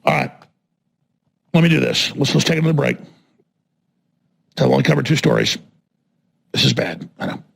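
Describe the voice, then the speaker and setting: A man hosting a radio talk show, delivering a combative political rant that swings into shouting and hammers points with repeated phrases. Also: mid-range voice, very animated, normal speed, gravelly, long pauses, breathy edge. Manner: repetitive emphatic phrasing. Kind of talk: ranting political monologue.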